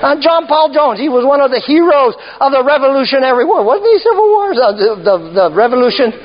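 A male preacher with a very high voice delivers a sermon, prodding his listeners with quick questions and emphatic repeats. The recording is dull and lo-fi. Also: animated. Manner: call-and-response, repeated "huh?", teasing and emphatic.

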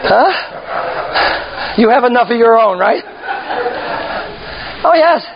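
High-voiced teasing male preacher, lo-fi. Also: animated, slow, creaky, crowd noise. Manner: call-and-response, repeated "huh?", teasing and emphatic. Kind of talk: sermon. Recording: dull lo-fi church recording.

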